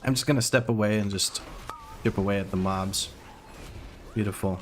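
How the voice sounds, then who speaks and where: A man's voice: fairly low pitch, moderate pace, background noise. A man streaming a game, giving running play-by-play with wry asides to his chat. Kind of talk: live gameplay commentary.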